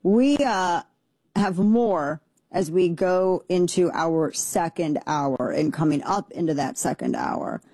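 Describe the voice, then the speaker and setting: A man hosts a talk radio show with a husky, mellow voice. He jokes with incredulity and often restarts his sentences. The studio sound is dry and close. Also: fairly high pitch, takes it slowly, dry recording. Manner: incredulous, joking, rambling with restarts. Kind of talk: casual talk radio commentary.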